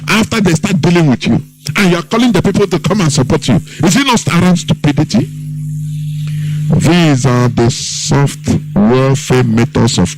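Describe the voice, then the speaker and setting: A man's voice: medium pitch, darkish tone, low-quality recording. A Nigerian man hosting a political radio commentary, speaking with mocking scorn and mimicking others. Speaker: host.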